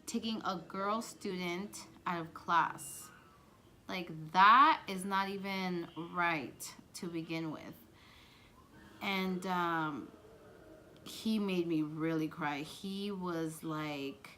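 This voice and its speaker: A young woman tells a storytime vlog in a lively, chatty way, peppering her talk with "like." Her voice is bright and sharp, a little low in pitch. Faint ambient noise sits behind her. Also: takes it slowly. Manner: animated, chatty storytelling with many "like"s. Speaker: vlogger.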